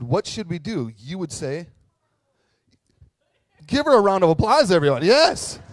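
Animated joking pastor, a man. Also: fairly high pitch, no room sound. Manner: animated, jokey, talks to the audience. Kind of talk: storytelling sermon.

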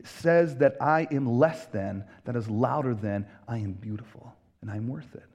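A man's voice: mid-range voice, moderate pace, darkish tone, slightly rough. A man hosting a podcast, delivering an earnest, emphatic preaching-style monologue and acting out quoted voices. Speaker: podcast host, pastor.

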